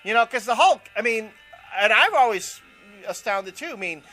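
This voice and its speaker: A man's voice: sits high, animated, normal speed, pushed and bright, soft background music. A man co-hosting a casual chat show, opinionated and rambling, with lots of fillers. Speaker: co-host.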